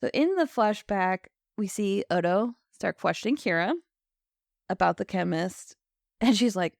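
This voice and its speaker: A woman co-hosting a podcast, chatty and animated, who keeps slipping into quoted lines as she recaps. Her voice has a gravelly fry at the bottom. She is recorded close and dry, with no room sound. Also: medium pitch, measured pace, no room sound. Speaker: podcast co-host. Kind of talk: casual chat recapping an episode.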